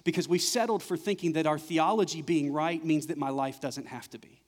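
A middle-aged pastor delivering a sermon, with a voice that sits a little higher than most men's. He drives his points home with punchy repetition, and his words ring out with a long echo through the church hall. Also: a little fast. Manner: preaching with rising, emphatic repetition. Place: church sanctuary. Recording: church recording with long reverb.

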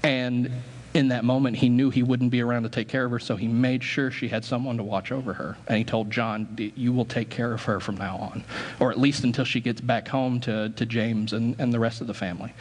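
A pastor delivering a conversational sermon, with joking asides and a relaxed preaching manner. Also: male voice, medium pitch, a little fast. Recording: long hall reverb.

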